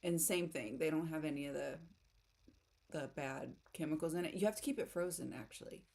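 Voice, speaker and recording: A chatty, giggly woman from the United States talks casually with her live audience, laughing at herself as she goes. Her voice sits a little low for a woman. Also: brisk, creaky, a little mellow. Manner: chatty, giggly, self-deprecating. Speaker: writing livestream host. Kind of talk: casual chat reading live comments.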